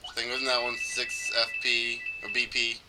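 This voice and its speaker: A man's voice: mid-range voice, monotone, normal speed, heavy background noise. A man casually narrating gameplay in a rambling, chatty way, often stopping to correct himself. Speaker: let's play commentator.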